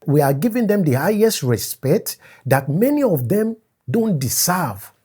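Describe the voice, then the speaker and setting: Man, from Africa, opinion vlog, emphatic, repeats himself, warm mellow tone, husky. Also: a little high, very animated, measured pace. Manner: emphatic and repetitive, stressing key words. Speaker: commentator.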